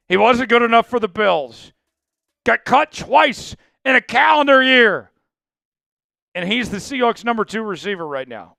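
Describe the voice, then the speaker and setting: A man's voice: high-pitched, vocal fry, sharp tone, dry recording, clean studio sound. A man hosting a live sports news stream, blunt and opinionated, rattling off news items while worn out after hours of live coverage. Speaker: sports show host.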